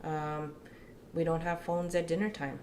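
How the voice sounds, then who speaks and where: A woman talking earnestly about household rules for children, in a measured way with frequent "um"s. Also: deep voice, flat delivery, background noise. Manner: measured, earnest, uses many fillers. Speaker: family show co-host, mother. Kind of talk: casual family chat.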